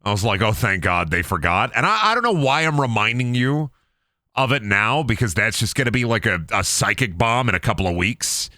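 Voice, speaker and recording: A man's voice: mid-range voice, lively intonation, a little fast, pushed and bright, no room sound, clean studio sound. A man chatting casually on a gaming stream, rambling and joking at his own expense. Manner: self-deprecating, rambling, jokey.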